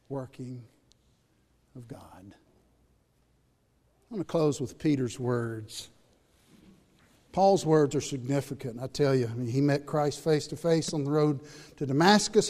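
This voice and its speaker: A man preaching a sermon in a church, rising to loud emphatic peaks and dropping to hushed asides. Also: on the high side, unhurried, big-room sound. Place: church building during a worship service.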